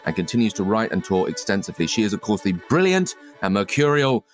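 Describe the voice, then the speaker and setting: A man's voice: on the low side, big pitch swings, quick pace, faint music behind. A man co-hosting a comic podcast, making playful, mock-grand introductions. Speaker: podcast co-host.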